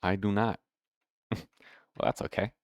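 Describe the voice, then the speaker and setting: A man's voice: lowish voice, unhurried, no echo, highs cut off. A young man giving casual, rambling gameplay commentary, hiccuping now and then, correcting himself and swearing offhand. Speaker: gameplay video host.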